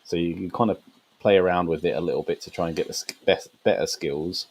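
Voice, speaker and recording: On a rough recording with slight background noise, this gaming podcast co-host speaks quickly in a low, steady, slightly mellow voice. He chats casually, laughing frequently while meandering through explanations padded with fillers.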